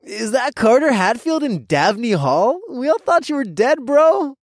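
A man voicing a loud, crude young frat-boy college guy with a nasally voice. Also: extremely high pitch, sing-song, unhurried, dry recording, studio quality, pitched above the performer's own voice, full character voice. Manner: brash, crude and teasing.

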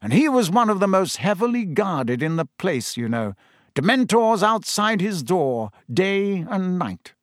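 A pompous middle-aged minister, officious and brisk, whose voice rises and falls a lot as he holds forth, as a male narrator puts him on. Heard dry and close to the mic. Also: sits high, very animated, dry recording, pitched above the performer's own voice. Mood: troubled.

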